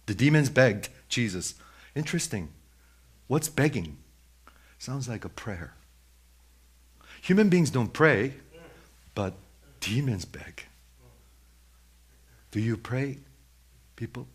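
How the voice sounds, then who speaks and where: A man's voice: mid-range voice, very animated, takes it slowly, pauses often, slightly rough. A man preaching a sermon who questions his listeners directly and repeats his points for emphasis.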